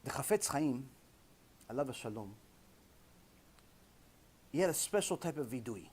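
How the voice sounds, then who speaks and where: A man's voice: medium pitch, lively intonation, moderate pace, darkish tone, breathy edge. A man giving a Torah lecture as a rabbi, emphatic, repeating key phrases and firing rhetorical questions.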